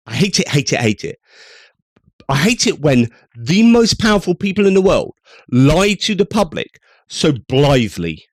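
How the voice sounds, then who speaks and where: A man's voice: a little high, sing-song, normal speed, dry recording. A man giving angry, sarcastic news commentary over clips, swearing and ranting.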